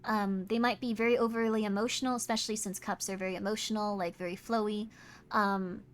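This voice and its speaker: A tired woman streamer chatting casually while doing tarot readings, talking in quick self-interrupting bursts and apologizing often. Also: medium pitch, fairly even intonation. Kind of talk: casual live-stream chat.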